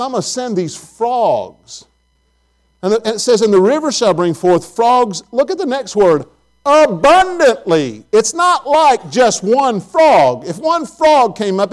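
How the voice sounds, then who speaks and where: A middle-aged man preaching a sermon and telling folksy family stories. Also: sits high. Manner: storytelling, folksy and animated. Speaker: pastor.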